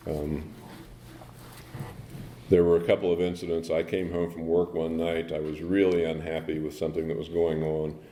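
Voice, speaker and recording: Deep-voiced man telling his story. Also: completely flat delivery, mellow, a little hiss or hum. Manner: halting, many ums and restarts. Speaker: AA speaker. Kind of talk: personal recovery story. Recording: echoey meeting room.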